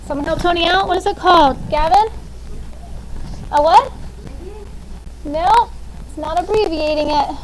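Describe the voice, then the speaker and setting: A woman's voice: extremely high pitch, a little slow, pauses often, a little hiss or hum, rough recording. A woman in her thirties teaching a classroom grammar lesson, upbeat and often checking in with "okay?". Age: 30s.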